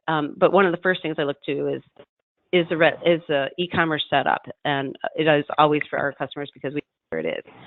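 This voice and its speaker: A man's voice: fairly high pitch, no room sound. A man working as a marketing consultant, explaining web analytics on a business call, with many fillers and restarts. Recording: tinny phone-line audio.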